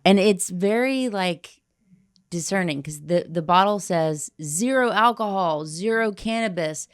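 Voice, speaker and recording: A woman's voice: lowish voice, expressive, a little slow, clear, resonant tone, dry recording, clean studio sound. A woman co-hosting a podcast, chatting casually with blunt, crude humor and frequent laughter. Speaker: podcast co-host.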